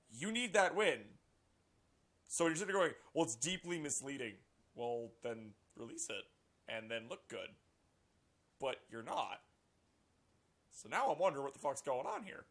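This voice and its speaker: Man, sarcastic news reaction, swearing, mid-pitched voice, sudden loud outbursts. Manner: sarcastic, profane, animated outbursts. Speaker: political commentary vlogger. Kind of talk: reading and reacting to a news article.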